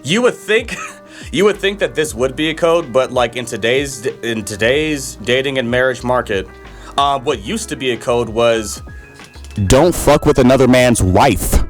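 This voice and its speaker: A man co-hosting a casual podcast, talking in an animated, profane way and laughing often. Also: medium pitch, moderate pace, soft background music. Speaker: podcast co-host. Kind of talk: casual chat.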